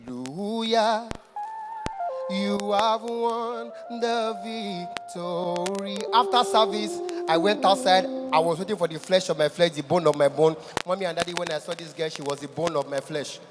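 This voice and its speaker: A man performing a stand-up comedy set, telling a story in an animated way and breaking into sung lines. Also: on the high side, fast talker, hardly any pauses. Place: large event hall. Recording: long reverb in a big hall. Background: music.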